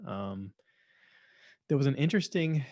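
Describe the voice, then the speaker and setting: Reviewing shows on his own podcast, this man rambles through an opinionated, casual monologue and goes over the same points more than once. He speaks at medium pitch, a little slowly, with lively intonation and a darkish tone, and there's no room sound.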